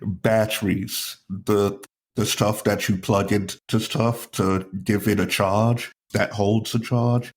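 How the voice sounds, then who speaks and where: Man, comedian on a podcast, low-key and self-mocking, lowish voice. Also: fairly even intonation, measured pace, hardly any pauses. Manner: low-energy, laid-back, self-deprecating. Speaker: podcast co-host; stand-up comedian. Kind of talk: casual comedic chat.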